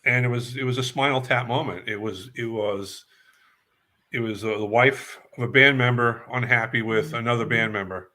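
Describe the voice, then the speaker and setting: A man's voice: medium pitch, fairly even intonation, moderate pace, pushed and bright. An older man from New York, a guest musician, telling long stories in a rambling way and repeating words as he remembers. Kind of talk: casual storytelling interview.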